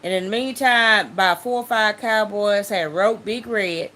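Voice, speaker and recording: Woman telling a lively testimony. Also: mid-range voice, a little slow. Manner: animated storytelling, acts out voices and sounds. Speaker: testimony speaker. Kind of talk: personal testimony storytelling.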